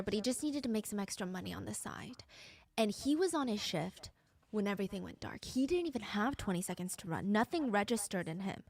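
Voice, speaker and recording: A woman narrating a true crime story in a dramatic storytelling way. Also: mid-range voice. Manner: dramatic storytelling, acts out quotes.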